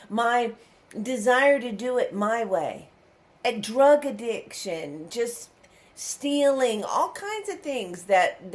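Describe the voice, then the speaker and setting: A woman giving a weekly devotional message, earnest and emphatic, asking many rhetorical questions. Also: a little high. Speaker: ministry speaker.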